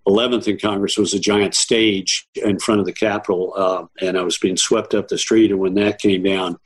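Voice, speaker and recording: Husky man recalling a long night. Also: sits low, level tone, normal speed, poor audio. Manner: rambling, with restarts. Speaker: campaign staffer. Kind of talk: interview recollection.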